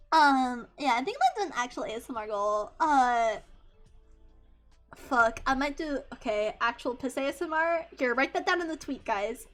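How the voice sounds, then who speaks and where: A high-pitched woman with a bright, sharp tone, chatting live with her stream audience as a VTuber. She is giggly and excitable, swears casually, and breaks into squeals when she thanks her viewers. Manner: talks to chat, thanks subscribers.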